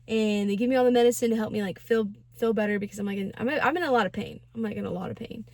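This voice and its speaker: A woman's voice: fairly high pitch, very fast, a little mellow, no echo, clean studio sound. A young woman in her twenties telling a personal story in a casual vlog, chatty and slangy with lots of fillers. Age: 20s. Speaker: vlogger.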